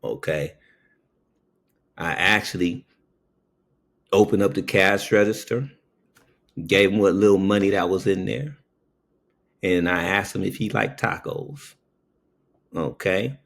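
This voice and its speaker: A man telling a story in a casual monologue. He checks in with "okay?" after nearly every phrase and jumps up in pitch when he acts out quoted voices. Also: vocal fry, fairly bright tone. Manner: slow, keeps saying "okay?" between phrases.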